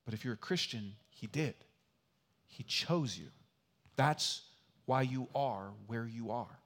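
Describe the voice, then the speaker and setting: A man preaching a sermon as pastor, earnest and repetitive for emphasis, swinging between loud emphatic lines and quiet asides. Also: mid-range voice, measured pace. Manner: earnest, repeats key phrases for emphasis. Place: church.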